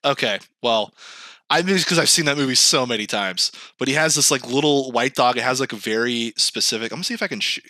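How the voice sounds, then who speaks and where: A man co-hosting a podcast in casual chat, animated and swearing, who acts out quoted lines. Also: mid-range voice, quick pace, no room sound, clean studio sound. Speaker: podcast co-host. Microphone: remote call mic, screen sharing.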